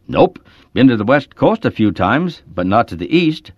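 A man's voice: medium pitch, sing-song, normal speed, no room sound. A man voicing a laconic young male sheep rancher who answers in as few words as he can, on a dull lo-fi recording. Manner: terse, drawling, few words.

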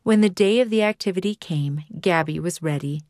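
A woman narrating a children's magazine story in a calm, clear way. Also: lowish voice, a little fast, no echo, clean studio sound.

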